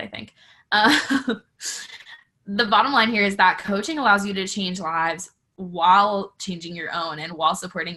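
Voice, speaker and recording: A woman's voice: mid-range voice, bright, forceful tone. A woman in her twenties, a teacher and coach, talking candidly on a video call with lots of fillers. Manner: chatty, filler-heavy, candid. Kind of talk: casual team call presentation.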